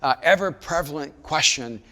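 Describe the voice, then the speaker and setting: A man preaching a sermon, moving from quiet storytelling to raised, emphatic delivery. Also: on the high side, normal speed, big-room sound. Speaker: pastor.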